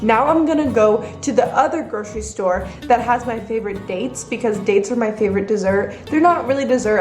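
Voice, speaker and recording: A woman's voice: fairly high pitch, a little mellow, reverberant. A 21-year-old woman, a college student, chatting candidly to the camera in a casual vlog.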